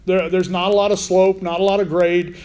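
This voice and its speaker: A man's voice: high voice, little pitch movement, a little fast, darkish tone, a little hiss or hum. A man preaching a casual Bible sermon, asking his listeners questions as he goes. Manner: informal, asks the listeners questions. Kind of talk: conversational sermon.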